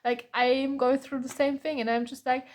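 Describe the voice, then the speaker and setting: A woman's voice: high-pitched, little pitch movement, normal speed, darkish tone. A woman from Germany giving a tarot reading, tired and openly frustrated, with sighs and frequent restarts. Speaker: tarot reader.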